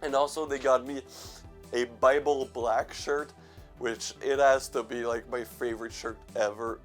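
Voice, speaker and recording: A man's voice: mid-range voice, little pitch movement, measured pace, faint music behind. A young man hosting a casual vlog, stuffy from allergies, rambling, self-mocking, swearing and laughing as he goes. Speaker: horror movie channel host.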